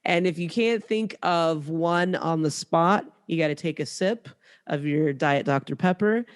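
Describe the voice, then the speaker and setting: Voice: mid-range voice, unhurried, smooth. A podcast host in casual chat, listening encouragingly and leading a party game with frequent affirmations.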